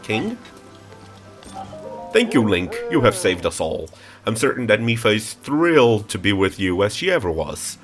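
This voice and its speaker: A man with a stuffy nose voicing a gentle, regal old fish-folk king in a game playthrough. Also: on the low side, big pitch swings, unhurried, faint music behind. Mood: solemn.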